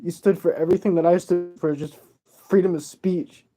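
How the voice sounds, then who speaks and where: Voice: mid-range voice, steady tone, moderate pace. A vlogger delivering an agitated, rambling, profane rant to camera while tearful.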